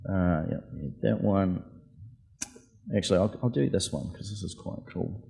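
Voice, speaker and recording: A deep, gravelly, warm, slightly rough voice at normal speed belongs to an author and aviator telling casual stories as a book festival guest. He's chatty and acts out the voices of people he came across. The recording carries the reverb of the festival hall.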